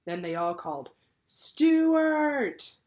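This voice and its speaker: Woman reading a story to children. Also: on the low side. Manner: lively, pausing to explain to pupils. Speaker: teacher reading aloud. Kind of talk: read-aloud storytelling for children.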